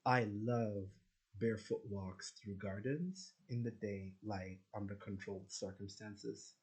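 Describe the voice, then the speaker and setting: A man's voice: lowish voice, measured pace, darkish tone, low-quality recording. A man venting to his viewers in a rambling, profane personal rant, full of restarts. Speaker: vlogger.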